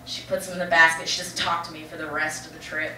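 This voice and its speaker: A woman's voice: sits low, level tone, fast, noisy background. A young adult woman telling a frank personal story on stage, rambling and profane, with many "like" fillers. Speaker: open-mic storyteller. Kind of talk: confessional stand-up storytelling. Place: stage in a roomy venue with a live audience. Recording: echoey room from far off.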